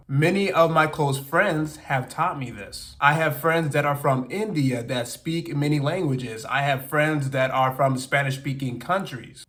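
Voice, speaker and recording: A man's voice: on the high side, a bit bright. A man from the United States with an American accent, talking earnestly and openly about his own experience in a personal vlog. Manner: earnest, open and self-reflective. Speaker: language-learning vlogger.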